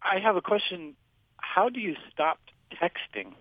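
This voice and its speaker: A man's voice: high-pitched, very animated, a little slow, no echo. Hesitant male caller on a tinny phone line. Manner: hesitant, with restarts and "uh"s. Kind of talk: casual chat.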